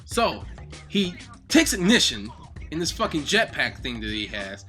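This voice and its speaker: A man hosting a gaming video, giving an excitable, heavily profane casual ranking commentary. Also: a little high, unhurried, faint music behind. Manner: acts out game lines in loud bursts.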